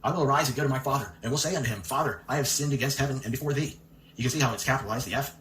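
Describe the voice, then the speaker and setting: Man, commentary host, brisk pointed delivery, rhetorical questions, roomy echo. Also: medium pitch, fairly bright tone, a little hiss or hum. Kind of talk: reading a letter and commenting on Bible versions. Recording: echoey room.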